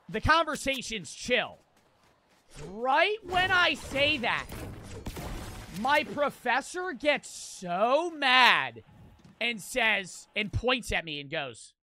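A man's voice: extremely high pitch, big pitch swings, extremely slow, pauses often, sharp tone. A man in his twenties streaming a game, telling a rambling story between profane trash talk. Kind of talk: casual storytelling while gaming.

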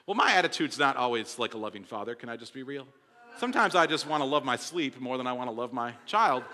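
A young man preaching a sermon to his congregation, talking casually and conversationally, swinging from loud emphasis to hushed storytelling. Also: medium pitch, expressive, quick pace. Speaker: pastor. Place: large church hall. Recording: long hall reverb.

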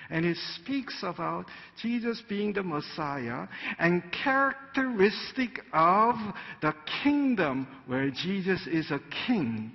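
A male pastor preaching a sermon in a conversational way, full of fillers like "you know," and he often acts out quoted voices. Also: high voice. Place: church sanctuary. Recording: dull sound in a large reverberant church hall.

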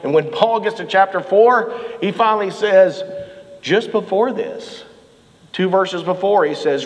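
A middle-aged man preaching a sermon as pastor, telling animated stories and shouting out the lines he quotes. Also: sits high, normal speed, big-room sound, rough recording. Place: church sanctuary.

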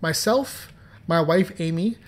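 A man's voice: fairly high pitch, slow pace. A man hosting a podcast and talking about his comics in a playful, joking, chatty way. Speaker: podcast host and comics writer. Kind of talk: casual podcast commentary.

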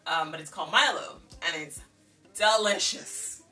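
A Jamaican woman with a lowish, slightly slow voice tells a childhood story in a casual vlog, acting out the dialogue and laughing along the way. She comes across as animated, and the mic sits at a distance with faint music playing behind her.

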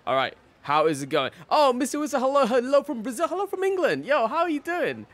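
A man's voice: very high-pitched, wildly swooping pitch, fast talker, a bit bright. A young man live-streaming a game, casually greeting his chat by name and laughing often.

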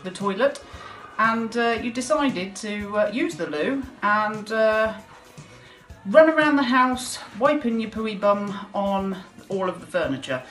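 A woman's voice: medium pitch, expressive, measured pace, fairly bright tone. A woman tells a chatty, wry birthday anecdote in her mid-range voice. The room around her is echoey, and faint music sits under it. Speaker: family friend. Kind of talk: recorded birthday video message.

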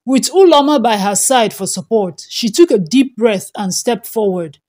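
A woman narrating a folktale in an expressive, dramatic storytelling style. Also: fairly high pitch, moderate pace.

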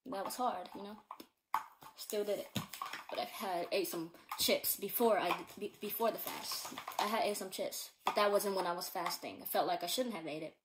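A woman's voice: on the low side, background noise. A teenage girl at home giving a casual personal testimony, earnest and rambling, with many fillers and repeats. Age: teens. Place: at home in a bedroom.

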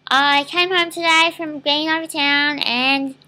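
Young Australian woman vlogger, high voice, exasperated and cussing through a casual rant. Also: steady tone, a little slow, sharp tone. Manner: exasperated and swearing.

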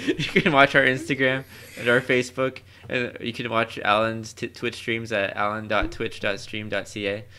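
A man's voice: fairly low pitch, little pitch movement, normal speed, bright, forceful tone, clean tone. A young man co-hosting a casual podcast who giggles often while he talks. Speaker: podcast co-host. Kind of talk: casual chat.

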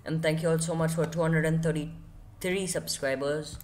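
A male gaming host giving casual gameplay commentary, excitable, yelping high and repeating himself. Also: normal speed. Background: game music playing under the voice.

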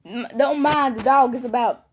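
A woman's voice: high-pitched, moderate pace, husky. A woman vlogger telling a casual storytime to her viewers, rambling and repeating phrases for emphasis. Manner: animated, speaks to viewers directly.

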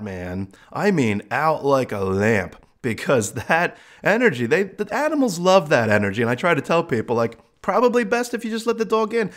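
A middle-aged man, a psychic medium, casually telling funny stories from his work, laughing often and acting out the voices of people and pets. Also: mid-range voice. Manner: animated, laughing, acts out quoted voices. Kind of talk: casual storytelling monologue.

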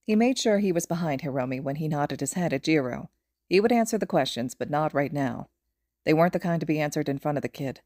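Low, mellow woman narrating fan fiction. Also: animated, fast talker, no room sound, clean studio sound. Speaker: podfic reader.

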